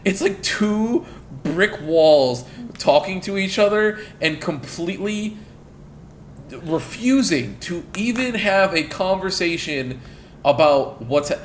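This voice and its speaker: A man co-hosting a casual gaming podcast, talking in an animated, profane way and often acting out lines. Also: sits high, takes it slowly, slight background noise. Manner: animated, profane, acts out dialogue. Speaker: podcast co-host.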